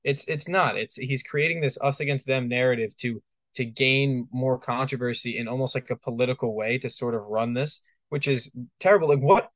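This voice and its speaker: A man's voice: mid-range voice, normal speed, fairly bright tone, no echo. A man co-hosting a podcast, talking emphatically and exasperatedly, restarting words often. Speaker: podcast co-host. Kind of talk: casual podcast discussion.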